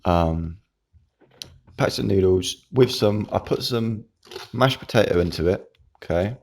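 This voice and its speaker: A man's voice: fairly low pitch, a little slow, creaky, a little mellow, a little hiss or hum. A man, hosting his own channel, chatting casually in a rambling way while eating with his mouth full. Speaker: YouTube channel host.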